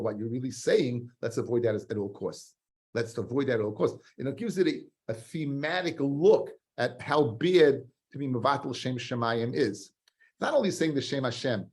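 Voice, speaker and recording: Animated rabbi teaching Talmud. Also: male voice, a little high. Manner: animated, swings between loud emphasis and quiet earnest stress, repeats phrases; mixes Hebrew and Aramaic terms into English. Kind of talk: Talmud study lecture.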